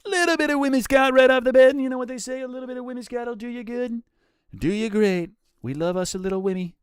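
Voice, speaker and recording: A man's voice: extremely high pitch, fast, smooth, dry recording, clean studio sound, pitched above the performer's own voice. A man briefly putting on an impression of a famous brash older male politician, hyping up a trading card in a boastful, sing-song way.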